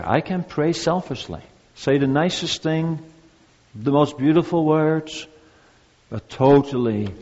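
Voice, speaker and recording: A male pastor preaching a sermon to his congregation in an earnest, repetitive cadence. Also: medium pitch. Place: church. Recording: dull, echoey church recording.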